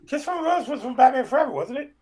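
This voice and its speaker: A man's voice: extremely high pitch, animated, very fast, darkish tone. A man co-hosting a reaction show, teasing his partner in casual banter over a video call. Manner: teasing, laughs often.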